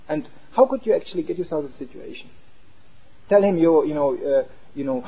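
A man giving an animated talk as a preacher, acting out voices as he explains. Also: a little high, fairly quick, breathy edge. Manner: animated, acts out inner voices. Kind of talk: sermon-style talk. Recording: tinny phone-like sound.

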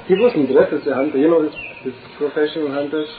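A man's voice: on the high side, fast talker, a crowd in the background. A man giving an informal religious talk full of stories, often laughing and acting out dialogue. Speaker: devotee speaker. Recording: echoey phone-like recording with audience.

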